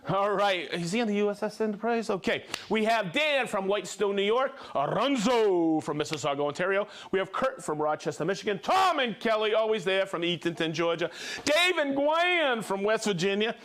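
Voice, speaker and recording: A man's voice: high voice, expressive, normal speed, a bit bright. A man hosting a livestream, cheerfully reading out viewers' names and hometowns and sometimes stumbling over how to say them. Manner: upbeat, rattles off names and places, stumbles on pronunciations. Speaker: livestream host. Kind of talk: reading out viewer shout-outs.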